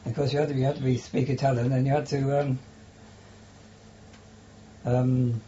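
An older man recalling wartime memories in an oral history interview, speaking haltingly with many restarts and fillers. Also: mid-range voice, level tone, dark tone, highs cut off, slight background noise. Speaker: interviewee, former prisoner of war.

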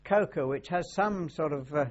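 A man's voice: a little high, normal speed. An older man, a naval veteran, answering questions in an oral history interview with dry humor. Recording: dull lo-fi recording.

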